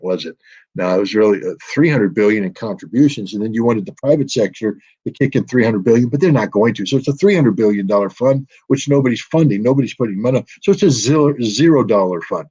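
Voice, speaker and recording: The same kind of political commentary guest, a middle-aged American man, sounds medium-pitched, warm and husky here. He speaks emphatically, lobbing sardonic jabs at quoted officials, and the recording is dull lo-fi.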